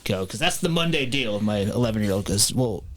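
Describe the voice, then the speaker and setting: A man's voice: on the low side, lively intonation, brisk, a crowd in the background. A man who owns a restaurant, telling stories in casual podcast chat and swearing freely. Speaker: pizza restaurant owner.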